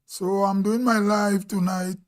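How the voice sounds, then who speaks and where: A man's voice: high voice, level tone. A man from Grenada with a Grenadian accent, talking casually on a live stream and musing aloud as he goes. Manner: slow, musing, thinking aloud. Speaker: vlog host.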